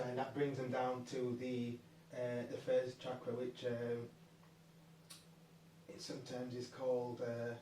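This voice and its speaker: A man's voice: mid-range voice, warm tone. A man explaining his ideas casually, rambling with many fillers and restarts. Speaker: channel host. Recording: echoey room, distant mic, faint noise.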